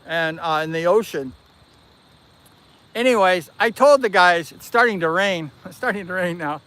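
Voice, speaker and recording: A man hosting a livestream, casually telling a long personal story in an animated, rambling way and correcting himself as he goes. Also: high voice, normal speed. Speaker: livestream host.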